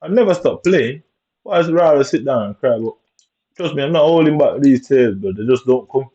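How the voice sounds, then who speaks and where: A man mutters and rants in heavy while commentating his own gameplay. His voice is mellow and dark, and he sounds aggrieved throughout. The recording is dull and lo-fi. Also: medium pitch, lively intonation, fairly quick.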